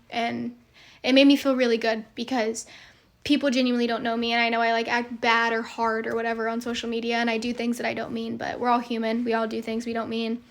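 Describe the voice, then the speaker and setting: A young woman and social media creator speaks to her followers in a heartfelt monologue. She rambles earnestly, full of fillers. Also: a little high.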